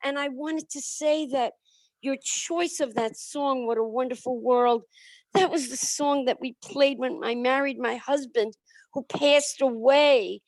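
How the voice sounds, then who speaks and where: Woman, high voice, emotional, tearful, effusive, video call, dry sound. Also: fairly even intonation, measured pace, no room sound, low-quality recording. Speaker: participant.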